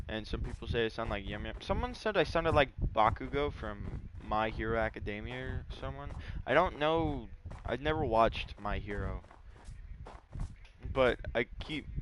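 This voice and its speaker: Rambling casual man over a noisy mic. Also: medium pitch. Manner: rambling storytelling with many fillers. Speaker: gaming YouTuber. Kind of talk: casual gameplay chat.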